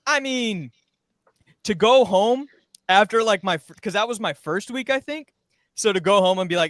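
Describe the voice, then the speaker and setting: A man's voice: sits high, lively intonation, moderate pace, a bit bright, no echo. Young man rambling through a story. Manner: rambling storytelling, acts out quoted lines. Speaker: former podcast intern, guest. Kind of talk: casual podcast chat.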